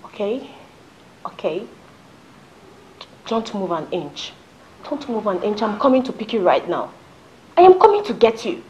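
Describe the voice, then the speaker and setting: A woman's voice: mid-range voice, expressive, unhurried, pauses often, lo-fi sound, slight background noise, natural voice. An actress playing a caring young woman who reassures her distraught friend in a film drama. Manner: soothing, urgent, reassuring.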